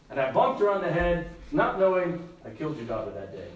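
A man's voice: on the high side, big pitch swings, fairly quick, recorded from a distance. A man preaching to a congregation, telling an illustration story with acted-out voices and laughter. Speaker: missionary preacher. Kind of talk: sermon illustration with audience participation. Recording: echoey room, speaker away from mic.

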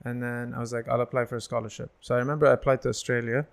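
Fast-talking young man telling stories. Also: mid-range voice, gravelly. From United Arab Emirates. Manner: animated, acts out quoted voices, laughs often. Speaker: guest. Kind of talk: casual storytelling chat.

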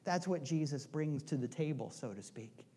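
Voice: medium pitch, expressive, normal speed, mellow, breathy edge. Joking, conversational pastor preaching a sermon. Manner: conversational and joking, with repeated rhetorical questions.

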